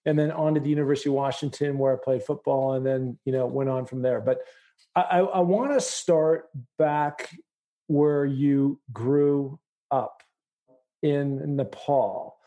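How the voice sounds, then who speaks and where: A man's voice: mid-range voice, fairly even intonation, unhurried, dark tone. A middle-aged man from the United States hosting a podcast interview, talking with enthusiasm and rambling with many fillers. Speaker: podcast host.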